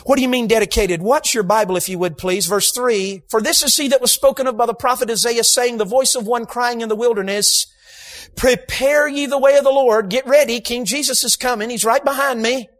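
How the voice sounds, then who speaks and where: High-voiced preacher, emphatic. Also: male voice, brisk. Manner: emphatic, shouts for emphasis, humorous asides. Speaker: guest preacher. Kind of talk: sermon. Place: church sanctuary.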